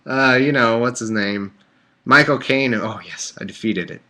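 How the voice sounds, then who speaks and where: A man's voice: medium pitch, moderate pace, bright, forceful tone. A man hosting a live stream, reading scripture aloud and breaking off into rambling, jokey asides. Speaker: livestream host. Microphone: computer microphone on a live stream.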